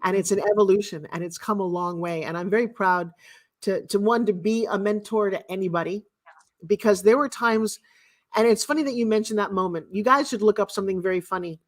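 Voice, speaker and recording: A woman's voice: medium pitch, a little fast. A middle-aged woman giving a blunt, emphatic motivational talk as a guest speaker and mentor. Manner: blunt and emphatic, with sharp swings in loudness.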